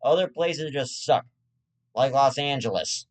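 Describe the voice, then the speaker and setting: A man's voice: mid-range voice, animated, unhurried. A man hosting his own web show, delivering a rambling comedic rant full of swearing and restarts. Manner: profane, rambling, with frequent restarts.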